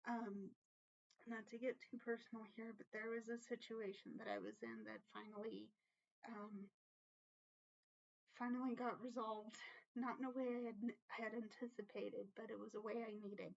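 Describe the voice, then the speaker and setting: A woman's voice: a little high, flat delivery, normal speed, gravelly, muffled recording. A woman giving a casual tarot reading to her viewers, earnest and emotional, often checking in with "okay?" and swearing casually. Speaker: tarot reader.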